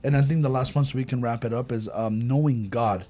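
A man's voice: mid-range voice, a little fast. A man hosting a casual faith discussion with young people, who acts out the voices of the people he quotes. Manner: animated, acts out quoted speech.

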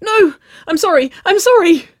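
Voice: expressive, moderate pace, no room sound, clean studio sound. Waverley, a squealing playful young woman, as a narrator puts her on. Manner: squealing, high and breathless when teasing.

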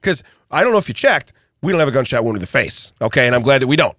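Racing along in a mid-range voice, a middle-aged man co-hosts a podcast and recounts a family story in relaxed conversation. The studio-quality recording has no room sound, and he laughs a lot while performing other people's lines.

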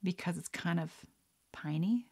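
A woman's voice: fairly low pitch, moderate pace. A woman vlogger chatting casually while playing a trivia card game, reading questions aloud, muttering guesses and laughing. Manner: chatty and excitable, squeals and laughs at right answers.

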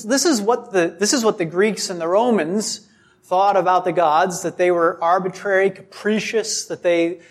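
Delivering a sermon in a high-pitched voice, a man talks deliberately, acting out quotes and asking rhetorical questions often.

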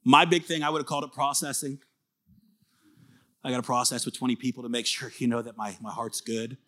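A man preaching a sermon as pastor, earnest and conversational, swinging from emphatic bursts to soft confiding asides. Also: mid-range voice, steady tone, fairly quick.

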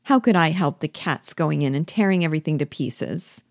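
A woman reading the part of a lively, chattering young wife in a play, her lines rising high when excited. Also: normal speed, gravelly, no echo, clean studio sound. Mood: eager.

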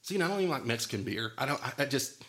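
A man's voice: medium pitch, sing-song, racing, a bit bright. A man hosting a podcast in casual chat, rambling off on tangents and laughing often. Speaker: podcast host.

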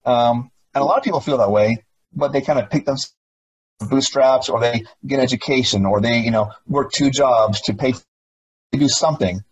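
Husky-voiced man, emphatic interview guest. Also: mid-range voice, moderate pace, muffled recording. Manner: emphatic, repeats words and rhetorical questions. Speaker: guest author, former police officer. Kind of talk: interview conversation.

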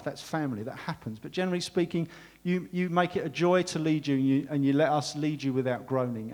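A man delivers a sermon to his congregation. His voice sits a little higher than most men's. He speaks earnestly and with warmth, as a pastor would. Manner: earnest, warm, emotional thanks. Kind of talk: sermon and closing prayer.

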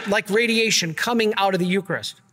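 A man, a priest, giving an earnest and energetic sermon with slides. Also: sits high, moderate pace, big-room sound, a little hiss or hum. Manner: earnest, energetic preaching, gets worked up.

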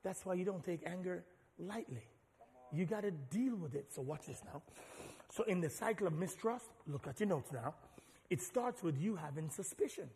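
A man with a high, bright voice preaches, building from easy teaching into fervent, shouted passages. His sermon rings through a large hall with a long reverb tail. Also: moderate pace, vocal fry. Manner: animated preaching, rising to shouts. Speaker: pastor.

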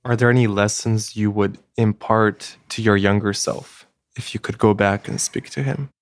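Calm host guy, lowish flat voice, dry close mic. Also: normal speed, dry recording. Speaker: podcast host. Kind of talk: interview questions.

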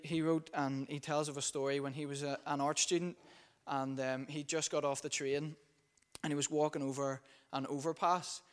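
A man preaches a sermon in a relaxed, conversational way, telling a story with frequent ums and uhs. His voice sits at a middle pitch and stays fairly flat throughout. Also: clean tone. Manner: conversational, many fillers while recounting a story.

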